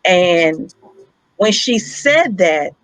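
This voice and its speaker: A woman's voice: lowish voice, animated, extremely slow, a bit bright, no echo, poor audio. A young woman co-hosting a talk show, telling a personal story in a blunt, heartfelt and emphatic way, with some swearing. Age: young adult. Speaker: radio show co-host.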